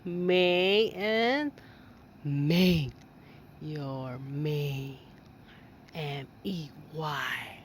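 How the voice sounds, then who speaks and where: A woman filming her cats at home, talking to them in slow, cooing baby talk and laughing often. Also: deep voice, slight background noise. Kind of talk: casual baby talk to kittens. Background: kittens meowing.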